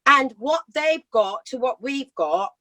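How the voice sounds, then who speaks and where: A British woman in her fifties, a singer telling rambling, lively stories in a casual interview and laughing often. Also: sits high, takes it slowly, no echo. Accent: British English. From Britain. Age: 50s. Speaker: singer guest. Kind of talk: casual storytelling chat.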